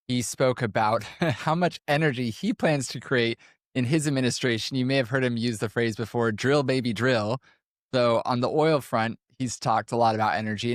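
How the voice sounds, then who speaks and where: A man's voice: medium pitch, dry recording, clean studio sound. A man co-hosting a podcast, steadily leading the discussion and laughing easily. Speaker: podcast co-host.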